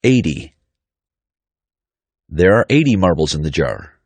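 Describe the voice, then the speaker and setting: Man, very deep voice, lively pitch, slow deliberate drill reading. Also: dry recording. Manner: deliberate, clearly articulated reading. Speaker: pronunciation teacher.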